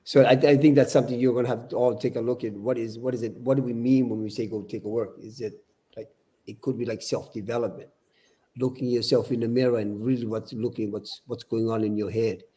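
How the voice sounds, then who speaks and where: A man's voice: medium pitch, steady tone, a little fast, mellow. An older man speaking as a podcast guest, earnest and preachy, often repeating his words as he talks. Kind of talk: casual podcast discussion.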